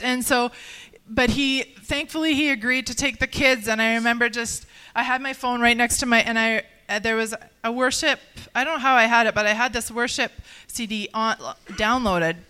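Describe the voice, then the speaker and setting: Earnest woman with a smooth, clear voice. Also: a little high, steady tone, pushed and bright. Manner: earnest, halting, with many restarts and fillers. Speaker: guest sharing a personal testimony. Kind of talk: personal testimony in conversation.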